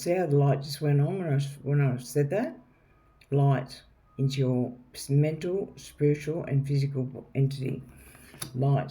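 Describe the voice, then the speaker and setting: A man's voice: mid-range voice, mellow. A man giving a casual tarot reading at home, chatty and rambling, calling the viewer darling. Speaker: tarot reader. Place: home, with a noisy neighbour drilling nearby. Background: faint drilling and household noise.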